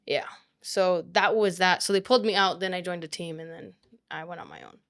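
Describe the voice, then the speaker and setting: A woman's voice: on the low side, brisk. A young woman, a real estate agent, telling a story in casual chat, full of "like" and quoted speech. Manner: animated, quotes people often with "like".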